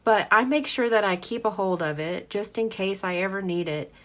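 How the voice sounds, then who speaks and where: A woman's voice: mid-range voice, moderate pace. A woman giving a casual, chatty card-making demonstration. She answers viewer comments as she goes and laughs often. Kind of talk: casual live craft demo.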